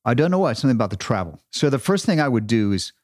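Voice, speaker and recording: A man's voice: medium pitch, very animated, very fast, darkish tone. A man co-hosting a podcast, telling stories with a laugh and poking fun at himself in a casual chat. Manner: laughing, storytelling, self-deprecating. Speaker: podcast co-host.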